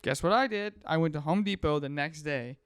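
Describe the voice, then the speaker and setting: In a clean studio recording with no room sound, a young podcast host in his twenties speaks in a fairly high, smooth voice at a slightly quick clip. He's lively and casual, acting out the people and noises as he tells his story.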